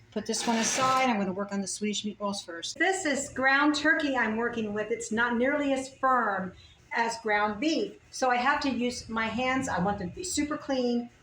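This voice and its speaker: Woman, home cook, casual cooking demo, thinks aloud, slightly high voice, faint room noise. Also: fairly bright tone, reverberant, low-quality recording. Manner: chatty, thinking aloud while working. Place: home kitchen.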